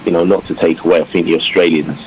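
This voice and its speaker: A former English cricketer chatting in an interview, reflective, with many fillers and restarts. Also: male voice, sits low, steady tone, fast, a little mellow, low-quality recording. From England. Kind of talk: casual interview talk. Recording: faint background noise.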